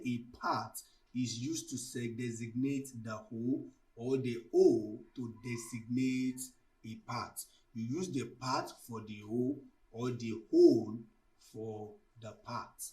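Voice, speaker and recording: A man's voice: mid-range voice, a little slow, a little mellow, distant mic, poor audio. A man tutoring students for exams, lecturing on figures of speech and explaining each term through worked examples. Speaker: literature tutor. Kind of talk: exam-prep lecture.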